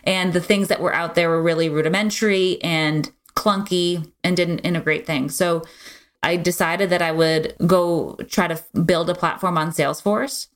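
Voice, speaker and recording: Brief: middle-aged woman, lowish voice, frank and energetic, conversational podcast guest. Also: normal speed. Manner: frank, energetic, many fillers like "like" and "you know". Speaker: podcast guest, business owner. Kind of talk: casual conversational storytelling.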